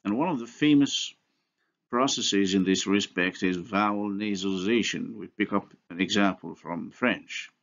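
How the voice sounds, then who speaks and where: A man giving a recorded university lecture on phonology, explaining slowly and methodically with pauses and small restarts. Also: on the low side, gravelly, a bit bright, lo-fi sound.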